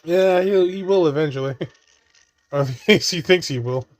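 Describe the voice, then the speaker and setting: A man's voice: on the high side, moderate pace. A man giving casual watch-along commentary on a movie, laughing often and swearing freely as he riffs jokes.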